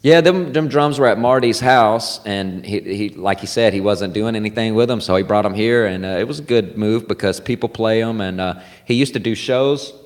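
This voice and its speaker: A man's voice: lowish voice, moderate pace, few pauses. A man hosting a podcast, telling stories in a loose, profane, casual chat. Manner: animated, loose, swearing freely. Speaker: podcast host. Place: comedy club. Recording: long reverb in a club room.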